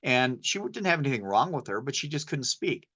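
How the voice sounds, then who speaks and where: A poison-control specialist gives an informal medical lecture in a loose, conversational, practical way, drifting into anecdotes and slang instead of reading slides. His mid-range voice is very animated, fairly quick and sharp in tone.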